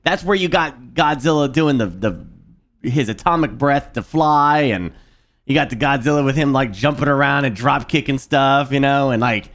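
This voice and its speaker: A man streaming a video game, chatting casually in a rambling, animated way. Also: mid-range voice, normal speed. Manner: rambling and animated, lots of fillers and restarts. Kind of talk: casual chat while playing a video game.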